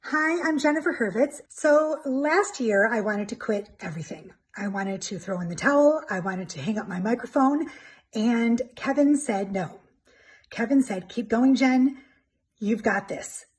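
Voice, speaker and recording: A woman's voice: a little high, expressive, unhurried. A woman giving a heartfelt, tearful testimonial about her coach. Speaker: podcaster giving a client testimonial. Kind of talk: emotional testimonial.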